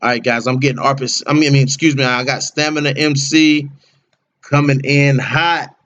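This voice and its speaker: A man's voice: mid-range voice, fairly even intonation, quick pace, fairly bright tone, dull audio. A man hosting a casual livestream, chatting with viewers by name in slangy, laid-back talk. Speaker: livestream host.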